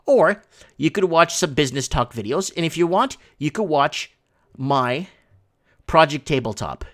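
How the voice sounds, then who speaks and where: A man hosting a livestream from his home studio, picking up viewer messages as they come in. His voice sits fairly high for a man. He rambles and rants with excitable energy into a desk mic. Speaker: livestream host. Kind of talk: casual livestream talk reading chat.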